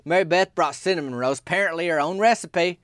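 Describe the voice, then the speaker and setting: A man telling a comic story in a rambling, deadpan, folksy way. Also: fairly high pitch, fast talker, clean tone, dry recording, clean studio sound.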